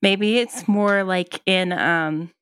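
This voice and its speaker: A woman's voice: mid-range voice, slow pace, fairly bright tone, smooth, dry recording. A woman co-hosting a podcast, musing casually with many ums and restarts. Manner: thoughtful, hesitant, many ums and likes. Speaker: podcast co-host. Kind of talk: casual chat.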